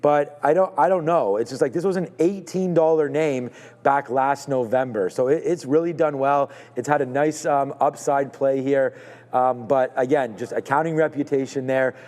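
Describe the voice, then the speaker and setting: A man's voice: mid-range voice, normal speed, a little mellow, long reverb tail. A man co-hosting a live stock market show, talking through trades in a hedging, thinking-aloud way with many fillers.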